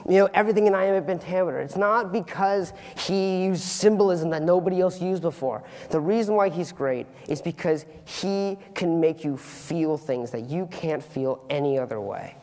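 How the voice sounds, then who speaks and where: A teenage boy giving an earnest, animated student talk on stage, with comic asides. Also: high-pitched, moderate pace, hardly any pauses, in a large hall. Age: teens. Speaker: student speaker. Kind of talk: youth public talk. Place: auditorium stage.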